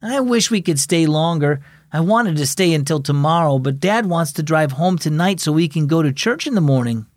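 A man voicing an eager, excitable young boy in a children's audio story, with a raised, wide-eyed delivery. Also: fairly high pitch, moderate pace, hardly any pauses, dry recording, clean studio sound, natural voice. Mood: puzzled. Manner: excited, wondering.

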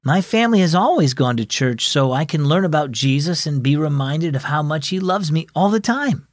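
A man voicing an eager, excitable young boy in a children's audio story, with a raised, wide-eyed delivery. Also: fairly high pitch, moderate pace, no echo, studio quality, lightly acted. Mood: earnest. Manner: excited, wondering.

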